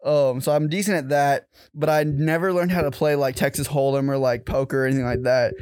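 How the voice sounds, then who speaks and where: College-age guy rambling on a podcast, kinda high voice, dead dry mic. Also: steady tone, fairly quick, a little mellow, clear, resonant tone, dry recording. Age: young adult. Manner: rambling, swears a lot, laughs often. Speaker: podcast host. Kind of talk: casual chat.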